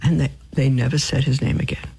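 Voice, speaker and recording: Husky, gravelly woman telling faith stories. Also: rumbling low, fairly quick, low-quality recording. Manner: animated storyteller who acts out quotes and drops to a whisper for emphasis. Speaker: radio guest asking for donations. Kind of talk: religious storytelling testimony.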